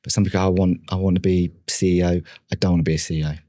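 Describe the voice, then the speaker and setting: Deep-voiced man telling a candid story. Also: level tone, rapid-fire, dark tone, no echo, studio quality. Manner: candid, self-deprecating, with frequent restarts. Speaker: podcast guest, marketing leader.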